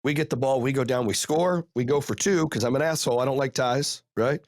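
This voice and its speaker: A man hosting a podcast, telling a story in a casual, profane, animated way and rattling off rapid play-by-play. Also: mid-range voice, no echo, clean studio sound. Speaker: podcast host.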